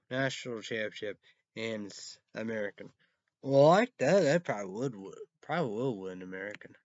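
A man hosting a casual sports recap, rambling through scores with halting repeats and fillers, now and then bursting out excitedly. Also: medium pitch, no echo, lo-fi sound. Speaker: show host.

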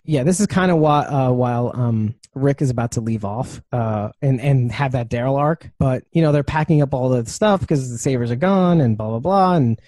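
A man's voice: medium pitch, moderate pace, hardly any pauses, darkish tone, no room sound. A man co-hosting a podcast in casual chat, rambling with many fillers and restarts. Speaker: podcast co-host.

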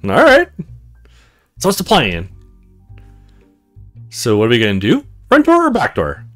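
A man's voice: medium pitch, huge pitch swings, unhurried, a bit bright, faint music behind. A man voicing a cheery, laid-back young male stranger with a put-on folksy drawl. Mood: eager.

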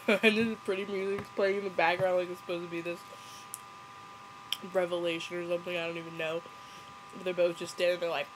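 A woman's voice: fairly low pitch, level tone, a little fast, long pauses, noisy background. Giggly, sarcastic young woman reviewing a movie. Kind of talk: casual movie commentary.

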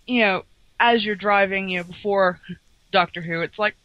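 A woman co-hosting a podcast, chatting in a relaxed, hesitant way. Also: medium pitch, normal speed. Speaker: podcast co-host. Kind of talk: casual chat. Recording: dull dry lo-fi mic.

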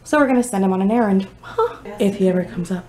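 A woman's voice: mid-range voice, very fast, mellow. A chatty woman filming a casual family vlog at her mother's house, laughing easily and talking to the camera. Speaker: vlogger.

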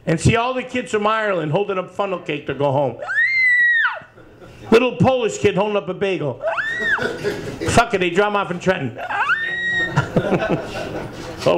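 A man in his fifties doing a profane stand-up routine, rapid-fire jokes and needling the crowd in a bar. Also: high-pitched, heavy background noise. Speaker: stand-up comedian. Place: bar with live audience. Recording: live bar set with crowd laughing. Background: crowd laughter.

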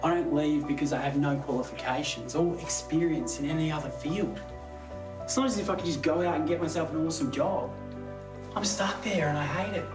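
An actor playing a fed-up Australian shop worker. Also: male voice, on the high side, brisk, roomy sound, over loud music, lightly acted. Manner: indignant, sarcastic. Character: fed-up young male retail worker.

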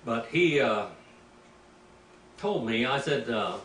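An older man, a preacher, teaching Greek in a rambling, anecdotal way, clearing his throat now and then. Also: medium pitch, lively intonation, takes it slowly, long pauses, sharp tone. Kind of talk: informal teaching sermon. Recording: echoey room, mic at a distance, faint background noise.

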